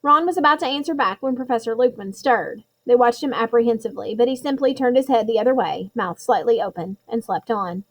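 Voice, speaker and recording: A woman's voice: on the high side, a little fast, hardly any pauses, rough recording. A woman narrating a novel as an audiobook reading, telling it expressively and stumbling over a word now and then. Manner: expressive storytelling with occasional slips.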